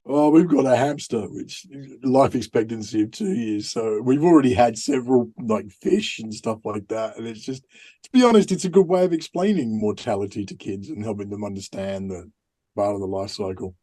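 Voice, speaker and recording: A man's voice: lowish voice, expressive, normal speed, warm tone. A man co-hosting a podcast, answering in a dry, matter-of-fact way in casual chat. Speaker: podcast co-host.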